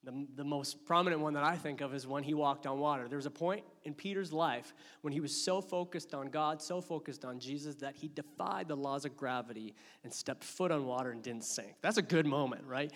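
A man delivers a sermon in a fairly high voice. He tells the story dramatically, rising to loud outbursts and dropping to hushed asides. His voice rings with long reverb, as in a large hall. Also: a little fast. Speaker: pastor.

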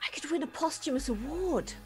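A woman playing a shrill, gushing reporter. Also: brisk, faint music behind. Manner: gushing, dramatic, shrill excitement. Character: brash, fame-hungry woman journalist, reckless.

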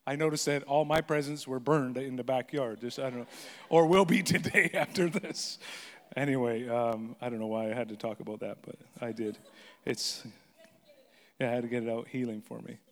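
A man's voice: medium pitch, fairly even intonation, moderate pace. A man in his fifties, a pastor telling funny stories from his own life during a sermon, self-deprecating and joking with the congregation. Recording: hall reverb.

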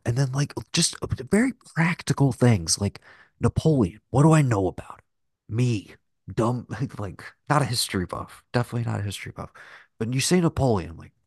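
A fairly low-pitched man co-hosts a podcast, rambling casually about films with lots of filler "like" and cursing. The recording is clean studio sound with no echo.

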